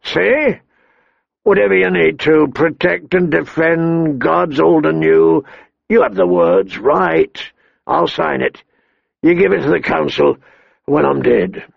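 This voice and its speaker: A man doing a hoarse dying king. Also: on the high side, no room sound, heavily acted. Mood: commanding. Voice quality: hoarse, gravelly. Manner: gruff, blustering, halting with pain. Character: dying hot-tempered king, middle-aged man. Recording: dull lo-fi dry recording.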